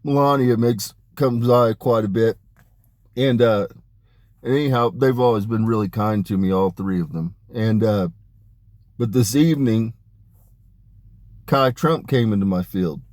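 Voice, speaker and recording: Low-voiced man rambling emphatically. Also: unhurried, long pauses, darkish tone, no echo, clean studio sound. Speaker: spiritual channeler. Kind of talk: casual spoken monologue.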